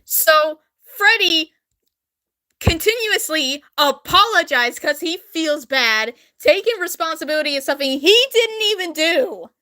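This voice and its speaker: A woman's voice: very high-pitched, measured pace. A young woman vlogger telling a story in a casual, chatty way, laughing often. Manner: giggly, animated, chatty with frequent laughs. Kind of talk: casual storytelling, reading an old drawing.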